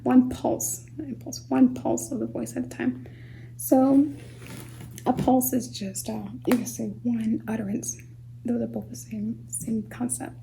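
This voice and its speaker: Woman homeschool teacher for small kids, high and a little gravelly, slow patient sounding-out, mellow tone, faint hiss behind. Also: rough recording. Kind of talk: phonics lesson for young children.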